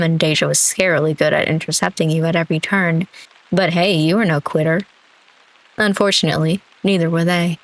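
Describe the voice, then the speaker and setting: A woman streamer narrating a story game out loud in a lowish, relaxed voice. She reads the prose steadily and breaks off for playful, chatty comments of her own. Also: poor audio. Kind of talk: reading a story game aloud.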